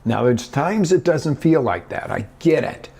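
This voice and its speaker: A male life coach speaks with a gravelly edge to his mid-pitched voice. He talks in an animated way and keeps acting out little scenes. His pitch jumps high for dramatic effect. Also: measured pace. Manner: animated, acts out scenarios with big voice inflections. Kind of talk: motivational talk.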